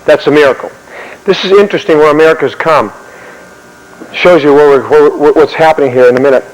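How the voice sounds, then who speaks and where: A man delivers a sermon built on history stories, animated and often restarting his words. His voice sits a little high. A long hall reverb trails every phrase. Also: quick pace. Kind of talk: sermon-style history storytelling.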